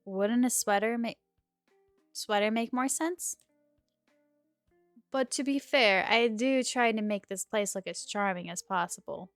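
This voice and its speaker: A woman's voice: fairly high pitch, measured pace, pauses often, dry recording. Chatty woman streamer reading a game aloud. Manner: chatty, giggly asides between read lines. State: sore throat. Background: faint game music.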